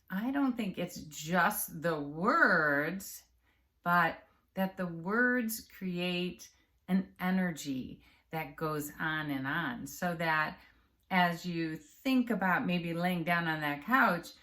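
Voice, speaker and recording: A woman coaches the viewer in an unhurried, measured way. Her voice sits a little low, and she speaks calmly and encouragingly. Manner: calm, measured and encouraging, addressing the viewer directly. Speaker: health and empowerment coach. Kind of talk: direct-to-camera coaching talk.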